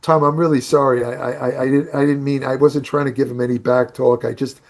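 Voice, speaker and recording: A man's voice: mid-range voice, level tone, a little fast. Older man telling rambling stories. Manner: rambling anecdotes with restarts and laughs. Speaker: guest, bodybuilding writer. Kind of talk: casual storytelling on a podcast.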